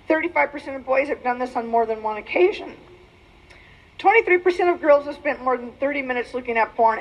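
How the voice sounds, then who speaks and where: A woman in her forties giving an animated personal testimony and teaching on faith, with emphatic, preacher-like exhortations. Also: high-pitched, breathy edge, poor audio. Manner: animated storytelling, acts out quoted voices. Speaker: Christian speaker on pornography.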